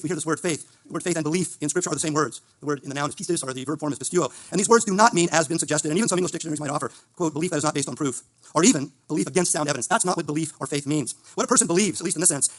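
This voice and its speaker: A man giving a formal, gently ironic closing statement at a debate event. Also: a little high, very fast. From Italian heritage.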